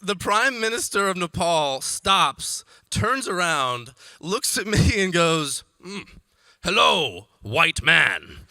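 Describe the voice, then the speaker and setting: A young man from Iowa telling a comic story on stage as a comedian, animated and laughing often as he talks. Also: high-pitched, dry recording. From Iowa, United States. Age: young adult. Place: conference stage.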